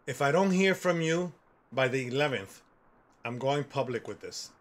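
A man's voice: mid-range voice, animated, normal speed, lightly acted. A man reading in-game lines as a nervous, stuttering male stranger who is being followed. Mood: nervous, urgent.

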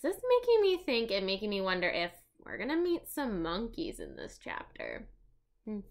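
A woman's voice: medium pitch, huge pitch swings, normal speed. A woman reading a children's chapter book aloud, adding chatty asides.

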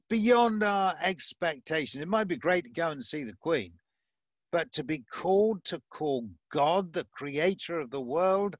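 A male pastor preaching a sermon over a video call, measured and emphatic, with touches of light humour. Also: a little high, no room sound, muffled recording.

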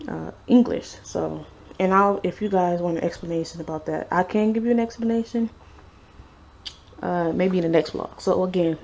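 Her voice is fairly low, steady, creaky and somewhat dark, at a normal speed. A young woman vlogging at home reads her study notes in a casual, hedging, filler-heavy way, often saying she's unsure, while her sister snores in the background.

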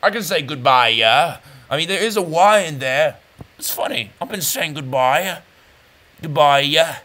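Bright-voiced joking man commentating on a game. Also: fairly high pitch, lively intonation, moderate pace. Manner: joking, rambling, self-mocking. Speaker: gameplay commentator. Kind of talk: casual gameplay commentary.

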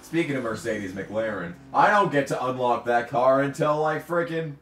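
A man's voice: medium pitch, animated, normal speed, a little hiss or hum. Cursing male gamer, echoey and distant. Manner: profane, ranting, bursts into shouts at the game. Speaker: gamer commentating his own play. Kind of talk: let's play commentary.

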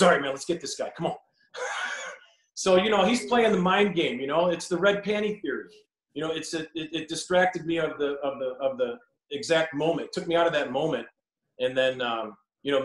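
A middle-aged man tells lively stories from the mound and acts out each voice in them. His voice sits slightly high, and the room around him gives it a clear echo. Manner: animated anecdotes, acts out dialogue. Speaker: former pitcher, guest. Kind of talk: storytelling on a video call. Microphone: video call. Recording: echoey room on a call.

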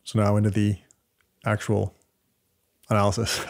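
A man's voice: lowish voice, completely flat delivery, measured pace, gravelly. A man with a Canadian accent co-hosting a podcast, explaining data step by step in casual chat with frequent fillers and restarts. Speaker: podcast co-host.

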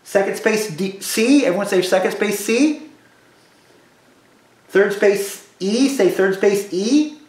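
A man with a high-pitched, expressive, slightly mellow voice teaches kids beginner cello at school. Slow and patient, he runs call-and-response drills over and over, and the room has a noticeable echo.

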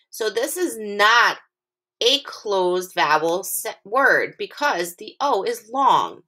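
Medium in pitch and sharp in tone, a woman leads little children through phonics, stretching sounds out slowly and clearly with patient encouragement.

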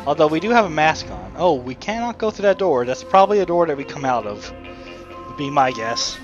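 A man's voice: on the high side, animated, brisk, highs cut off. A man giving casual commentary as he plays a video game, rambling and talking to himself and the game. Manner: rambling, chatty self-talk with frequent asides to the game. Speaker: let's play commentator. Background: game music.

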